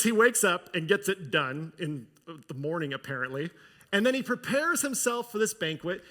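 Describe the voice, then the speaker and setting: Bright-voiced pastor telling a story. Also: male voice, sits high. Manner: casual, wry asides. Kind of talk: sermon storytelling.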